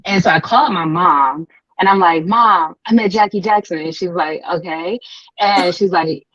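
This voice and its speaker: A woman's voice: on the low side, normal speed, no room sound, dull audio. A woman on a video call telling a story in casual chat, laughing often and acting out what people said. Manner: animated, laughs often, acts out quotes. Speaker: host.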